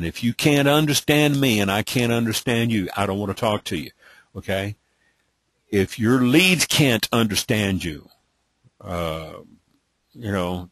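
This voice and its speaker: Leading a live training webinar, a middle-aged host from Texas speaks on the low side with a slightly rough edge and no echo. He has a light Texas accent and a drawling, repetitive manner, often pausing to ask "okay?"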